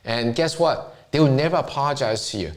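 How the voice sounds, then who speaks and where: A man's voice: medium pitch, fairly quick. A middle-aged man with a Chinese accent, giving an earnest motivational talk as a self-help vlogger and often asking himself questions.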